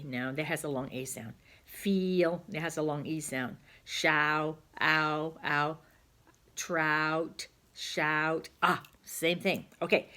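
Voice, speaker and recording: Lady teacher doing phonics for little kids, low voice, takes it real slow and sounds out every word. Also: a bit bright. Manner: slow, patient, sounding out words aloud. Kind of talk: phonics lesson for young children.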